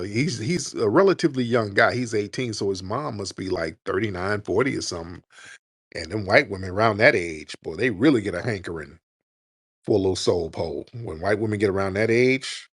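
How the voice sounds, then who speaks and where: A man's voice: lowish voice, slightly rough, dry recording, clean studio sound. A man hosting a live call-in roundtable, crude and taunting, laughing often. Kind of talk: live stream roundtable banter.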